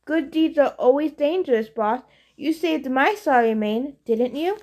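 A woman's voice: sits high, animated, measured pace, darkish tone. A woman voicing a loyal, cheerful male pegasus who calls the hero boss, in an audiobook. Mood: eager.

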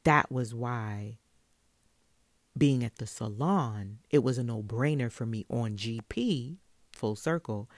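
A woman from Brooklyn, a hairstylist telling a story in a casual, animated way and laughing often. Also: very deep voice, slow pace, no room sound. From Brooklyn, New York.

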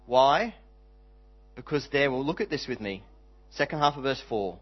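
A male pastor delivering a sermon in an earnest voice of middle pitch. He reads scripture aloud and draws out key words to stress them. The recording sounds slightly dull. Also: very animated, unhurried, pauses often, breathy edge.

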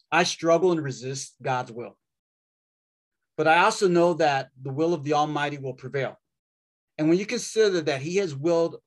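A man preaching a sermon in a wry, conversational way, with dramatic pauses. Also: a little high.

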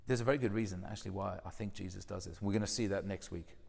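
A man delivers a sermon with a low, gravelly voice, talking through it conversationally and leaning on rhetorical questions. His words ring out in a reverberant hall. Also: steady tone, very fast, darkish tone. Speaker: preacher.

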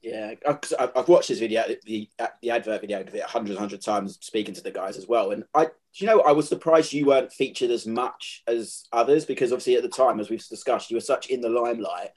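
A friendly man hosts a conversational interview, his voice at an ordinary middle pitch. He builds his questions slowly and loosely, circling before he lands on the point. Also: a little mellow. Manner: friendly, asks long rambling questions. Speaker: interviewer, host.

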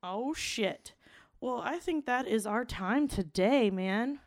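A young woman co-hosting a podcast, telling a raunchy story in blunt, profane, animated casual talk. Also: fairly high pitch, takes it slowly, no echo, studio quality. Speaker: podcast co-host.

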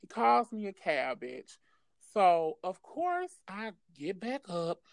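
A woman's voice: mid-range voice, slow pace, creaky, no room sound. A woman casually telling a wild personal story, cursing freely and laughing as she talks. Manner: profane, animated, laughs often.

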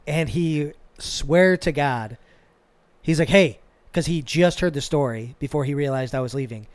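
A man hosting a podcast, telling a work story in a casual, animated and profane way. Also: on the high side, normal speed, no echo. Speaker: podcast host.

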